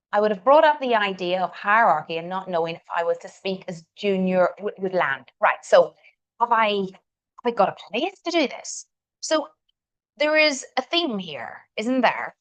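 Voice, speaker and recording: A middle-aged woman with a Northern Irish accent, leading a live communication coaching session in an encouraging way and repeating words for emphasis. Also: mid-range voice.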